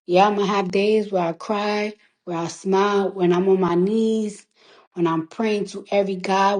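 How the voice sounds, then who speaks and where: A woman's voice: medium pitch, steady tone, measured pace, a little mellow. A woman recording artist talking through tears on a phone livestream, emphatic and defiant, swearing freely and repeating lines to drive them home. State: tearful. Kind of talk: emotional livestream monologue.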